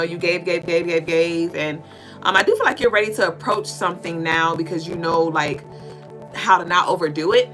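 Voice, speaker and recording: With music running beneath her voice and poor audio quality, a livestream spiritual reader hosts a relaxed tarot session, reading out comments from viewers and responding in a loose, chatty manner full of fillers and occasional swearing. Her voice is on the low side.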